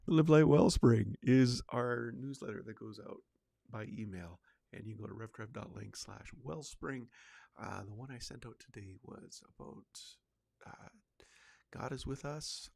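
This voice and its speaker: A man's voice: mid-range voice, a little slow, creaky, dark tone, no room sound. A male podcast host chatting casually on his own, rambling with lots of fillers and restarts. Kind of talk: casual solo livecast chat.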